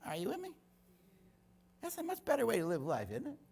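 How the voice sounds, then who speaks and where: This middle-aged guest speaker has an extremely high-pitched voice, creaky and slightly rough, and talks a little fast. In his church teaching talk he tells stories with animation, acting out the dialogue.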